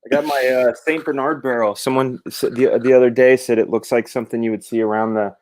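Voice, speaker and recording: A man's voice: medium pitch, steady tone, a little fast, a little mellow, no room sound. A man from the United States, a guest on a casual live chat over a video call, enthusiastic and jokey.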